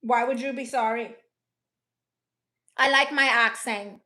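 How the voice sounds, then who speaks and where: Sassy high-voiced woman chatting live. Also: fairly even intonation, takes it slowly, sharp tone. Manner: blunt and sassy, peppered with Spanish exclamations. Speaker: livestream host reading viewer comments. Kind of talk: casual live chat. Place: rented apartment indoors.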